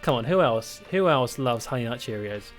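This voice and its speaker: A man's voice: mid-range voice, lively intonation, normal speed, soft background music. Chatty man streaming a game. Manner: chatty, rambling, laughs easily. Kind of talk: casual chat while playing a game.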